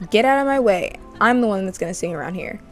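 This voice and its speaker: Girl putting on a bratty high-pitched diva voice, whiny and entitled, light music behind. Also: expressive, quick pace, lightly acted. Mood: haughty. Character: spoiled bratty young woman singer, demanding.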